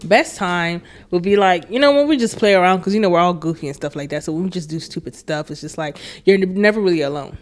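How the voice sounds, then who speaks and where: A woman's voice: lowish voice, fast, hardly any pauses. A young woman in casual chat as the oldest sister, jet-lagged, laid-back and slangy, swearing freely as she tells family stories.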